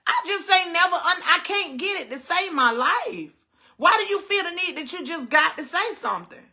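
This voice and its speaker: A middle-aged woman, hosting a casual cooking livestream, firing off animated rhetorical questions. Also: very high voice, normal speed. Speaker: cooking show host.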